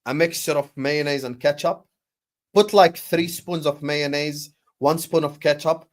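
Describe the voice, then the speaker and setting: Bantering streamer, pitched a touch high. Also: male voice, fairly even intonation, unhurried, no echo. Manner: bantering, mocking chat, sudden loud bursts at match action. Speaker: streamer hosting a football watchalong. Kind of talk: casual live-stream chat with match commentary.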